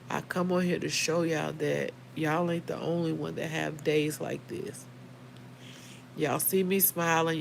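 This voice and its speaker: Very gravelly woman livestreaming. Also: low-pitched, slight background noise, rough recording. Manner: heartfelt, talks straight to viewers by name. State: emotional. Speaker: livestream host. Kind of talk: casual livestream chat.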